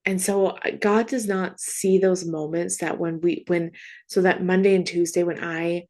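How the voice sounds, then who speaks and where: A woman working as a Catholic grief coach, speaking in an earnest, gentle way, often asking "right?". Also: on the low side, fairly even intonation, normal speed. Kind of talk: heartfelt faith monologue.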